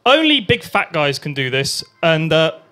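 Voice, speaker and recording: A man's voice: on the high side, big pitch swings, a little slow, sharp tone, a little hiss or hum. A young man performing a crude stand-up set at an open mic night, acting out voices and sounds. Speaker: stand-up comedian.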